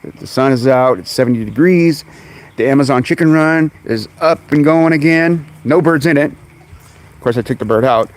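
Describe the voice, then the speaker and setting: A man hosting a casual live stream outdoors among his birds, chatting away and calling to them in high coaxing tones, recorded on a phone. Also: moderate pace. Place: outdoors in a bird yard on a sunny day. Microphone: phone camera.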